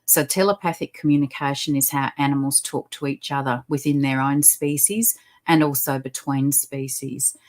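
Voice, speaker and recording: Woman with a low voice, upbeat and chatty, telling animal stories on a podcast call. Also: fairly even intonation, moderate pace, few pauses. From Australia. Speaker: guest, animal communicator. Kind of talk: podcast interview. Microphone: video call.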